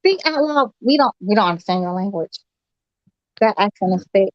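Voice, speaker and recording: A woman co-hosting a casual chat show, loud and giggly, swearing freely. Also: medium pitch, animated, normal speed, dry recording, highs cut off. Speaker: podcast co-host.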